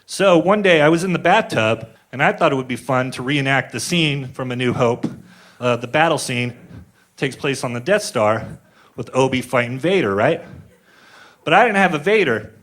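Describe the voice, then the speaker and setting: A man's voice: mid-range voice, expressive, normal speed, a bit bright. A man in his forties doing a stand-up comedy set, telling crude stories in a rambling, laid-back way with lots of filler words. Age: 40s.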